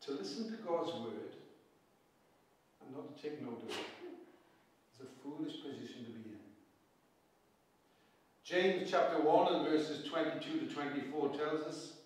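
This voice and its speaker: A man's voice: on the high side, unhurried, long pauses, darkish tone, a little hiss or hum. A man with a broad Pembrokeshire Welsh accent preaches an earnest sermon in a slightly raised voice, piling up rhetorical questions and repeated phrases. He stands away from the microphone, and the church around him rings with a heavy echo. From Pembrokeshire, Wales. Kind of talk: evening sermon. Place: church hall. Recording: very echoey church, distant mic.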